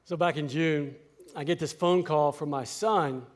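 A man in his fifties delivers a sermon story in a high voice. He acts out each line of dialogue and his excitement keeps climbing. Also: measured pace. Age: 50s.

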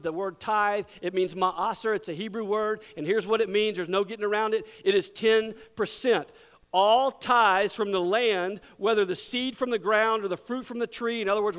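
High-voiced animated male preacher. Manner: animated storytelling, swinging from loud to hushed. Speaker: pastor. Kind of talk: sermon.

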